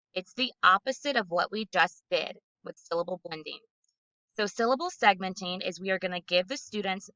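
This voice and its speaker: A woman giving an instructional presentation to teachers, explaining reading skills clearly and methodically and slowing down to model syllables aloud. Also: medium pitch, sharp tone, no echo, muffled recording. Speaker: literacy trainer.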